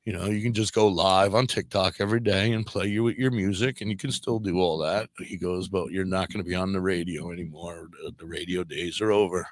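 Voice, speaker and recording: A man's voice: deep voice, a little fast, few pauses, no room sound. A man, a podcast guest and radio DJ, telling a story casually and acting out the dialogue he quotes. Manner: animated, acts out quoted dialogue. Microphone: podcast microphone.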